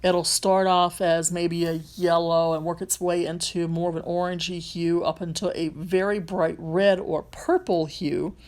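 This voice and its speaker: A woman's voice: fairly low pitch, flat delivery, a little slow, hardly any pauses, a little mellow. A woman with a light Southern accent, a rideshare driver and vlogger, talking casually through a phone tutorial, rambling with frequent ums and restarts.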